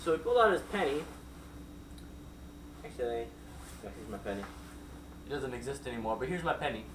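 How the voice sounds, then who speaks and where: A man's voice: mid-range voice, very animated, brisk, noisy background. A man telling a made-up, silly story off the cuff, rambling with many digressions and asides. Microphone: distant mic. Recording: roomy echo from far off, faint background.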